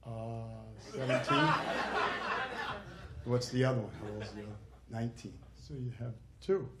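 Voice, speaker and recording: A man performing a stand-up comedy set, brash and punchy, with crude jokes and quick character voices. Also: mid-range voice, a crowd in the background. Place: comedy club stage before a laughing audience. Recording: roomy live club recording with audience noise.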